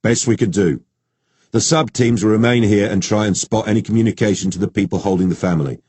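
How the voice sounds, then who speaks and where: A man voicing a calm, dryly joking male detective with a Geordie accent in an audiobook. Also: lowish voice, fast talker, husky, dry recording, pitched above the performer's own voice. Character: male detective, steady and wry.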